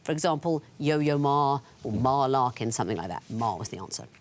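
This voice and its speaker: A woman hosting a TV quiz in a studio, explaining answers in a crisp, wry way. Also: extremely low pitch, lively intonation, brisk, background noise. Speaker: quiz show host.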